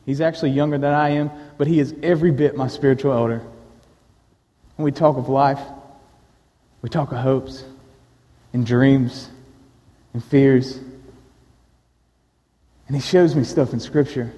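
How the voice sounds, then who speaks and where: A man preaching a sermon, telling a personal story in an earnest way with pauses. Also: medium pitch, fairly even intonation, dark tone. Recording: long echo of a large hall.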